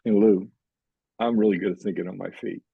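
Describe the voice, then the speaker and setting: A man's voice: fairly low pitch, fairly even intonation, fairly quick, gravelly, breathy edge, dry recording, phone-quality sound. An older man, a professor guest on a podcast, telling a long story and acting out the dialogue in it.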